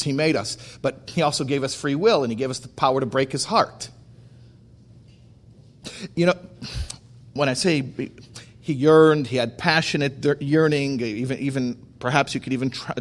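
Rabbi, male, mid-pitched voice, slow emphatic storyteller who acts out the dialogue. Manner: animated storyteller acting out dialogue. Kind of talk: storytelling talk on faith.

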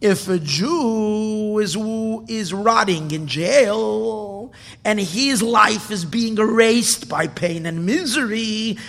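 A man's voice: high-pitched, slow, creaky, a bit bright, voice pushed up, full character voice. A man voicing a devout Hasidic rabbi who argues earnestly and passionately with himself. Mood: impassioned. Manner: earnest, passionate inner pleading. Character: devout old Hasidic rabbi wrestling with his doubts. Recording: long reverb of a hall.

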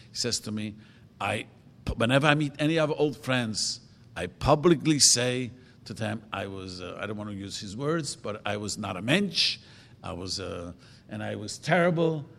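A man's voice: fairly low pitch, normal speed, gravelly, fairly bright tone. A man speaking as a rabbi in an informal talk, answering audience questions with rambling stories and frequent self-corrections. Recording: long reverb of a hall.

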